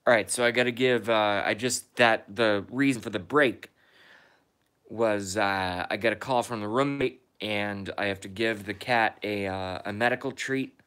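A man's voice: fairly low pitch, normal speed, fairly bright tone, clean tone. A man hosting a casual live stream from home, reading viewer comments aloud and answering them.

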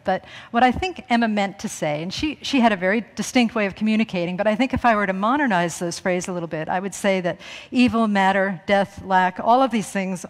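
A woman's voice: mid-range voice, big-room sound. A middle-aged woman minister giving a chatty, self-mocking sermon, laughing often. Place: church sanctuary.

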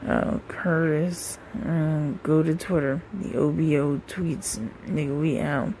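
A woman's voice: deep voice, fairly even intonation, takes it slowly, dark tone, slight background noise. A woman hosting a gossip show, casually commenting and reading comments aloud in a laid-back, profane way.

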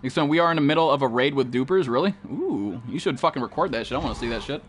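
A man's voice: medium pitch, lively intonation, quick pace, slight background noise. A man live-streaming a game, chatting casually and profanely with viewers and greeting them by name.

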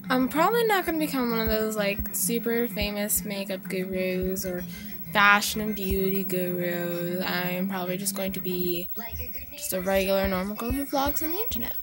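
A woman's voice: medium pitch, animated, moderate pace, music in the background. A young woman vlogging into her phone from a car, rambling casually with lots of fillers. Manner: chatty, rambling, with many fillers. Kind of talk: casual chat to camera. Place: parked car. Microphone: phone camera.

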